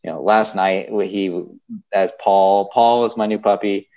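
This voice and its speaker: Young guy with a real low voice, rambly and emotional, lots of likes and um, kinda dull lo-fi sound. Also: fairly even intonation, unhurried, a little mellow. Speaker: podcast guest. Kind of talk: casual chat.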